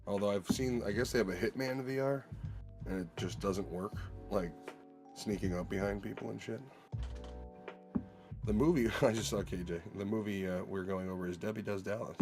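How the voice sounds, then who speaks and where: A man's voice: fairly low pitch, over music. A man hosting a live drawing stream, chatting casually and cracking jokes. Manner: joking, quick with wisecracks. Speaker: stream host. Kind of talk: casual chat.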